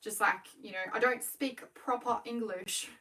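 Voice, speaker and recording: A young woman with an Australian accent chatting casually to viewers on a livestream while she works, talking quickly and correcting herself as she goes. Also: fairly high pitch, fairly even intonation, bright, forceful tone. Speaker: small business owner livestreaming. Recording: voice a bit far from the mic.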